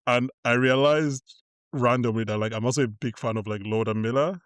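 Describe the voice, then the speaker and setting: A man's voice: mid-range voice, brisk, dry recording. Rambling male podcast host. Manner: rambling, filler-heavy, laughing. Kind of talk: casual chat.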